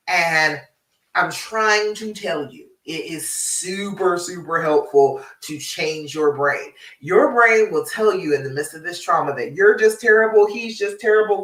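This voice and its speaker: A woman relationship coach talks to her live-stream audience in a bright, sharp voice. She is direct, frank and encouraging, often checks in with her listeners and laughs easily. She sits a little back from the mic in an echoey room. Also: on the low side, recorded from a distance. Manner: direct and encouraging, tag questions like "all right?".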